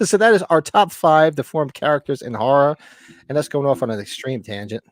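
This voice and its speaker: A man's voice: on the high side, a little fast, no room sound. Middle aged podcast guy rambling, voice all over the place, dry close sound. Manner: animated, laughing, trails into tangents. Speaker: podcast co-host. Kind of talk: casual chat.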